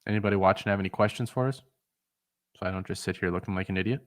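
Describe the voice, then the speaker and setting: A man co-hosting a sports podcast over a video call, talking through player analysis in a relaxed way. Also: sits low, racing, no echo, studio quality. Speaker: podcast co-host. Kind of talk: casual chat.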